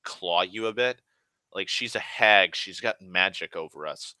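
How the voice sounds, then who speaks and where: Low-voiced rambling young man. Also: a little slow, pushed and bright, no room sound. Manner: rambling, full of "like", restarts and swearing. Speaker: online show host. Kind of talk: casual rambling monologue.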